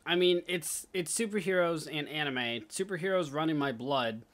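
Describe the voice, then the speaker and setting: A man's voice: fairly high pitch, moderate pace, a bit bright. A young man co-hosting a casual podcast chat, easygoing and jokey, laughing often. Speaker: podcast co-host.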